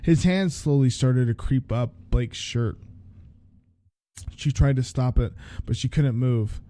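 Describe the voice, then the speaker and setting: Dark-voiced man reading a story aloud. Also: medium pitch, slow pace, no room sound, clean studio sound. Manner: restarts lines, comments on the text. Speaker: podcast host reading a story. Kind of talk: story reading with casual asides.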